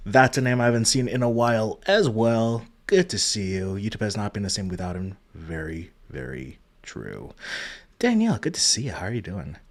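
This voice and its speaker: A man's voice: on the low side, sing-song, a little fast, few pauses. Man greeting chat on a livestream. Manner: greets chat viewers by name, soft and warm-hearted; trails off with many ums and uhs. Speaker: livestream host. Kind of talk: casual memorial livestream chat.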